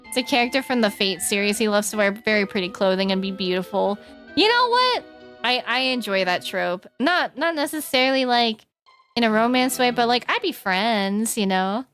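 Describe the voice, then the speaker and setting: A woman's voice: a little high, expressive, normal speed, a bit bright. A young woman streaming a game, chatting casually, giggling and singing along. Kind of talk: casual let's-play chat. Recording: game music in background. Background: game music.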